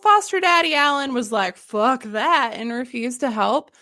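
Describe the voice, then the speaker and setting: A woman hosting a casual history podcast, telling the story in an animated, jokey way with laughs and swearing. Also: sits high, moderate pace, dry recording, studio quality. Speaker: podcast host.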